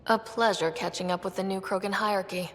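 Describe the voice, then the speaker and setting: A woman's voice: medium pitch, fairly even intonation, fairly quick, a bit bright, lightly acted. A woman playing a pointed, diplomatic young explorer. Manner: polite but pointed, diplomatic. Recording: game audio with long reverb and faint music.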